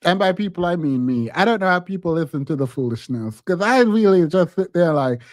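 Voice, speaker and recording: A man with a notably high voice talks casually to his live-stream audience, with frequent laughter and dramatic pauses. The sound is dry and close, with no room around it. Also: animated, no echo. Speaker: streamer and commentator.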